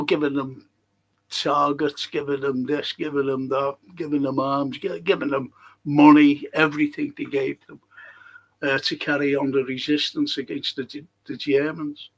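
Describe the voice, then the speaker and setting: A man's voice: on the high side, gravelly, rough recording. An older man, co-hosting a casual chat and telling long rambling anecdotes. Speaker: co-host.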